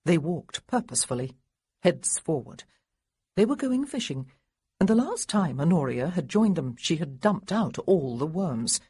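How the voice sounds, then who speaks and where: A woman narrating a historical romance audiobook in an expressive way, lightly voicing the characters. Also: sits low, a little slow, breathy edge, no room sound. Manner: expressive, voices the boys lightly. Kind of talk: scripted narration.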